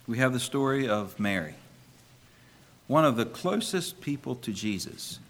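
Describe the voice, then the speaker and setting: A male pastor preaching an emphatic sermon, his voice rising and falling in lively swings around a medium pitch. He talks straight to the congregation, asking them questions. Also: unhurried.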